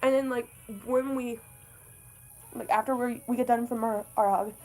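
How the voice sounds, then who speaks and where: A woman's voice: on the high side, fairly even intonation, normal speed, dark tone, poor audio. A young woman telling a story in a casual vlog, rambling, swearing and joking at her own expense. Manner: rambling, swears a lot, self-deprecating. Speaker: vlogger.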